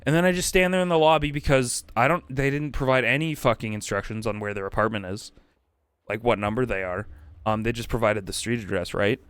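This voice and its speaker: A man's voice: medium pitch, a little fast, fairly bright tone, clear, resonant tone, dry recording. A man streaming, telling a rambling, profane anecdote in casual chat and acting out quotes. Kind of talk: casual storytelling on a livestream.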